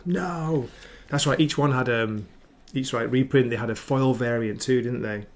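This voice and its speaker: A man's voice: medium pitch, normal speed. A man hosting a casual comic book livestream, chatty and enthusiastic, rambling through asides while reading viewer comments. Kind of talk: casual chat. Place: home livestream setup with ring light.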